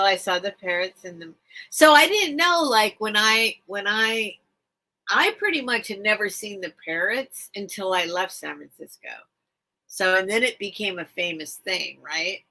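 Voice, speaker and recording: A woman's voice: mid-range voice, sharp tone. A woman hosting a live stream, chatting casually and emotionally with viewers, rambling and repeating herself. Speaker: live-stream seller and host.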